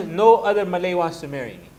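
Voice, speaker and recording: Man, religious teacher, storytelling lecture, slightly high voice, faint classroom hum. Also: moderate pace. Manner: anecdotal, animated, laughing asides.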